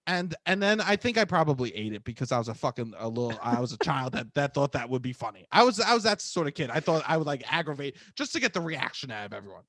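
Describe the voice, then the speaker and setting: A young man co-hosting a podcast, telling stories in a loud, profane, swinging way. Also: big pitch swings, quick pace, few pauses, dry recording. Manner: loud, profane, storytelling with big pitch swings. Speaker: podcast co-host. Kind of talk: casual chat.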